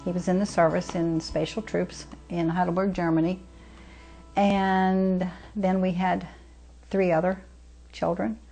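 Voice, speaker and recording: A woman's voice: on the low side, flat delivery, a little slow, creaky, warm tone, rough recording. An older woman in a documentary interview, telling her story as a foster mother in a homespun way, acting out the dialogue and using folksy grammar. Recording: music bed under the voice. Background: music under the voice.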